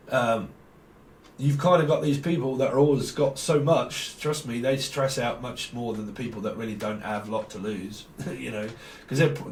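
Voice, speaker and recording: Blunt slangy man. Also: medium pitch. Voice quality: swears freely, laughs often, slangy. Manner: blunt, rambling, teasing. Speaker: tarot reader. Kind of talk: casual monologue to viewers. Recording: echoey room with faint ambient noise.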